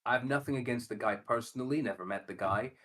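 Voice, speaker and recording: A man's voice: medium pitch, quick pace. Sweary ranting man, casual chat. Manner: sweary, ranting, animated asides. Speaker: podcast co-host.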